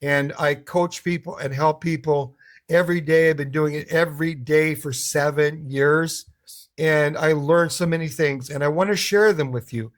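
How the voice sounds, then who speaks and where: Animated American man coaching English. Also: a little high. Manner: animated storyteller who acts out voices. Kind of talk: casual talk to camera.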